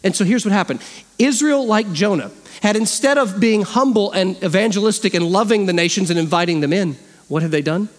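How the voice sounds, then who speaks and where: A man preaching a sermon as a pastor, animated, acting out the voices he quotes. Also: high-pitched, brisk. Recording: long hall reverb.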